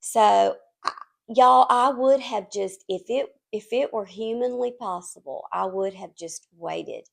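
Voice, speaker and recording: A woman in her fifties tells a story straight to camera, chatty and rambling. Her voice sits at a middle pitch with a heavy gravelly creak running through it. She stays confiding and animated, as if sharing with close friends. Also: measured pace. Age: 50s. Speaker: home vlogger.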